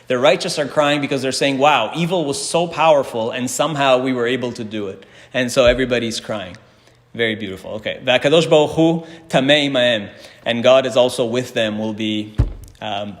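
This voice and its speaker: A Torah teacher leads a Talmud class at a steady middle pitch, reading each Hebrew and Aramaic line aloud, explaining it in English, then putting questions to the room. His voice rings with a long, hall-like reverb.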